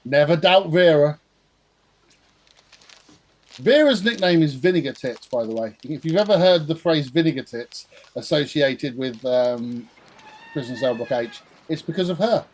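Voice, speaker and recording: A man's voice: on the high side, measured pace. Wry man hosting a watch-along podcast. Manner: wry, deadpan asides. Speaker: podcast host. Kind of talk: casual commentary.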